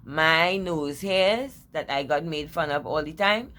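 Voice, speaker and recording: A woman vlogger speaks in a husky, deep voice. She chats casually and teasingly, drawing out key words for effect. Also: fairly bright tone, slight background noise. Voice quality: husky low voice. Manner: playful, teasing, with drawn-out emphasis. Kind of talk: casual opinion vlog.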